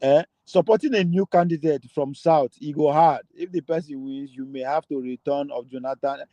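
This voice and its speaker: A Nigerian man hosting a casual political chat in Pidgin and English, animated and argumentative, often laughing. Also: fairly high pitch, normal speed, no echo, muffled recording. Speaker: political talk show host.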